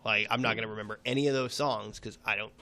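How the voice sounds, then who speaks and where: A man's voice: on the low side, fairly even intonation, fast, pushed and bright. A young man swearing freely and telling stories animatedly in a casual chat. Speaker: podcast guest.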